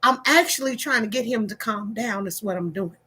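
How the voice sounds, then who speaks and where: A woman telling a story to her livestream viewers in an animated way, repeating phrases and checking in with them. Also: a little high, brisk, slightly rough. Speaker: online storyteller.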